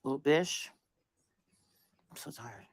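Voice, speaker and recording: A woman's voice: rumbling low, slow, creaky, a little mellow, no room sound. A woman chatting casually on a livestream, rambling and swearing as she acts out her relatives' words.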